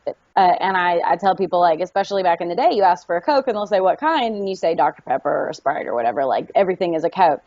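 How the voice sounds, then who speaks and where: A woman's voice: on the low side, very fast, few pauses, no echo. Woman with a faint Southern lilt. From Tennessee. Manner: animated storyteller, acts out quotes. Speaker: actress, interview guest. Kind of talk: casual interview chat. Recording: dull lo-fi audio.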